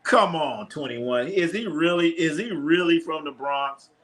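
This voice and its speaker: A man with a slightly high, somewhat bright voice talks at a measured pace while hosting a live basketball watch party. He calls the plays casually, reads questions from chat, jokes with viewers, and tends to repeat himself.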